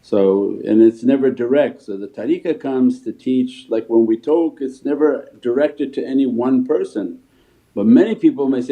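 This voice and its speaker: A man's voice: medium pitch, normal speed. Man teaching over phone-like audio. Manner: storytelling teacher, answers questions calmly. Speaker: Sufi shaykh. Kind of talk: spiritual talk and Q&A.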